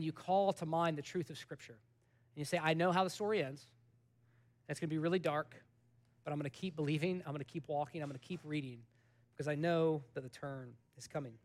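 High-voiced pastor, lively conversational sermon. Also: male voice, a little fast. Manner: conversational, animated storytelling with sudden soft drops.

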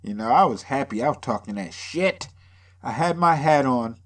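A Boston-area podcast host rambles through a casual monologue packed with jokes, sarcasm and swearing, sounding a bit drunk. His voice is medium-pitched, animated and a bit bright, at a moderate pace.

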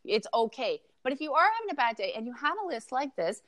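A woman's voice: high-pitched, very animated, quick pace, few pauses, a bit bright. A woman spiritual coach, a guest on a podcast, talking earnestly and encouragingly to listeners. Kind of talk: casual podcast chat.

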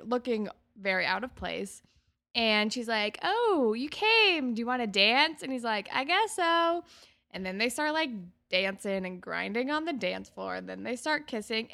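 A woman co-hosting a casual recap chat, her voice bright and edged with a gravelly fry. She acts out the characters' lines with big leaps up in her voice. She talks at a middle pitch for a woman. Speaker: podcast co-host.

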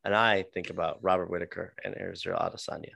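A man's voice: low-pitched, level tone, fast talker, gravelly, fairly bright tone, no echo. Rambling, joking male podcast co-host. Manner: rambling, joking, stumbles over names. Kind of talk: casual chat about fights.

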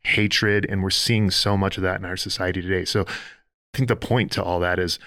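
A man's voice: low voice, fairly even intonation, normal speed, sharp tone, no echo, clean studio sound. A man co-hosting a faith-based podcast discussion, speaking earnestly in a preacher-like way and building his points in lists. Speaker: podcast co-host.

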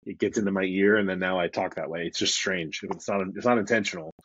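Man, middle-aged, mild New York accent, low voice, rambling and easygoing, muffled recording. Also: fairly even intonation, fast talker, fairly bright tone, breathy edge, dry recording. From Brooklyn, New York. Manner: rambling, self-correcting, easygoing. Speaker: podcast guest, comic creator. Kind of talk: casual interview chat.

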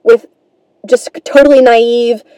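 Woman host rambling thru a comedy monologue, self-deprecating, cusses, warm mellow voice, dry sound. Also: fairly high pitch, little pitch movement, slow pace, smooth, no room sound, rough recording.

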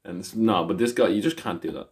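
A man in loose, casual podcast chat, stumbling through his stories with false starts and the odd swear word. His voice sits slightly low. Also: fast talker. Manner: rambling, with many restarts and swearing. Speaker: podcast co-host.

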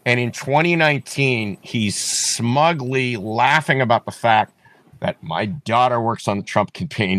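A man's voice: mid-range voice, a little slow, fairly bright tone, dry recording. A man running for office, talking emphatically in an interview and repeating his points with many restarts. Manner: emphatic, repetitive, restarts often. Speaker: political candidate. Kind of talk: campaign interview talk.

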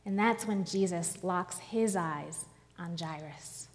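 A woman preacher delivering a sermon, telling a story slowly and dramatically with pauses. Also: mid-range voice, animated, mellow, in a large hall.

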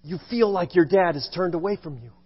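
A gentle, consoling Jesus, as a male preacher puts him on, speaking softly and tenderly to a hurting listener. The man's voice sits fairly high. It rings with a long church echo on a dull, muffled recording. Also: fairly quick, breathy edge. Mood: tender hush. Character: gentle comforting Jesus, adult man.

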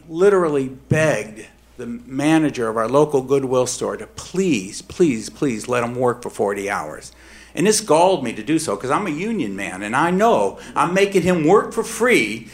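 A middle-aged man telling a personal true story on stage, emphatic and swinging between hushed and heated. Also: a little high.

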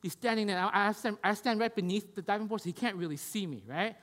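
A man's voice: high-pitched, fast talker, a bit bright. A man preaching a conversational sermon, casual and repetitive, checking in with the listeners as he goes. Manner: casual, repeats "right?" and "you guys get me?". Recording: long hall reverb.

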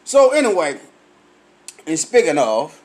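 A man, tipsy from drinking, telling loud, profane comic stories and laughing at his own punchlines. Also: a little high, huge pitch swings. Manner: loud, laughing, heavy cursing, drawn-out punchlines. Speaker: comedian vlogger. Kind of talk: profane comic storytelling rant.

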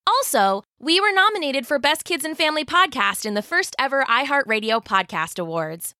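A woman's voice: high voice, expressive, normal speed, sharp tone, dry recording. A woman hosting a kids' story podcast, reading a scripted intro in a cheerful, upbeat way on a close studio mic. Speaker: podcast host.

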